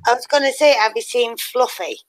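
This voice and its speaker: A woman's voice: fairly high pitch, brisk, soft background music, low-quality recording. A woman chatting casually on a stream, jumping in with jokes and punchlines. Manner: joking, jumps in with punchlines.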